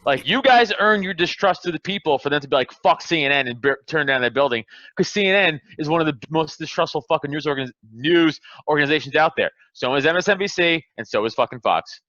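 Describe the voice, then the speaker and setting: A man talks on a podcast in a heated, emphatic rant, full of swearing. His voice is bright and forceful, sitting a little high for a man. The sound is dry and close, with a slightly dull, lo-fi tone. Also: lively intonation, fast, hardly any pauses, dry recording. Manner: heated, profane, emphatic ranting. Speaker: podcast host. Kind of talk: casual podcast chat.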